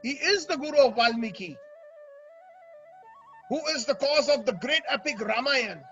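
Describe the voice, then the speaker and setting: High-pitched guy telling a devotional story, emotional, dull audio w faint music. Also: animated, moderate pace, a bit bright. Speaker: religious storyteller.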